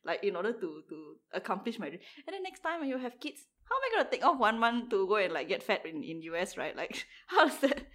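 A woman in her late twenties chatting casually on a panel, animated and quick to laugh as she talks. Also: mid-range voice. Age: late 20s. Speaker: panel guest. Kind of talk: casual chat.

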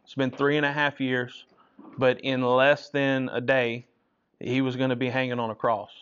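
A man's voice: medium pitch, little pitch movement, moderate pace, a bit bright, clear, resonant tone. A man leading a Bible study in a conversational teaching style, often checking in with listeners by asking "right?" after his points. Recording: dull lo-fi recording.

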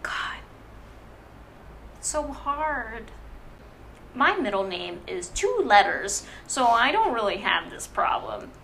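A bright, forward-sounding woman co-hosting a casual podcast. She chats loosely, laughs a lot and often trails off or restarts her sentences. Faint room noise sits behind her. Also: fairly high pitch, sing-song, slow pace, pauses often. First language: Vietnamese heritage, speaks English. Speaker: podcast co-host. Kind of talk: casual chat.

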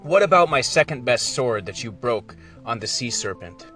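A man's voice: mid-range voice, lively intonation, moderate pace, fairly bright tone, soft background music, lightly acted. A man doing a hearty, joyful young prince. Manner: joyful, laughing.

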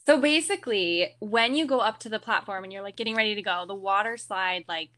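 Bright-voiced young woman guest. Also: mid-range voice, fairly quick. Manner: giggly, excited retelling. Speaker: podcast guest. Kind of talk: casual storytelling chat.

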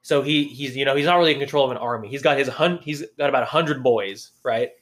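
A man co-hosting a podcast in casual chat, lively, breaking into raised voices when he quotes characters. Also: medium pitch, fast talker. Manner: animated, acts out quotes in a raised voice. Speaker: podcast co-host.

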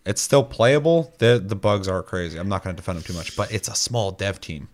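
Man, casual chat, slightly low voice, rambling, profane, filler-heavy. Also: lively intonation. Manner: mimics people in quick asides.

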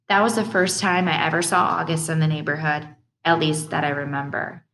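A woman's voice: sits low, fairly even intonation, fairly quick, few pauses, a bit bright. A woman narrating a first-person audiobook in a plain, conversational way.

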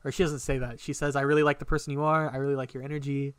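A young man casually telling a personal story on a podcast, animated and emotional, swearing often. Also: mid-range voice, rapid-fire, smooth, dry recording. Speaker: podcast co-host.

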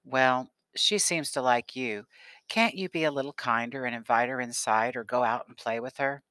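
A man voicing a kind, worried mother in an audiobook, speaking in a gentle, pleading manner. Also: mid-range voice, normal speed, smooth, no echo, lightly acted.

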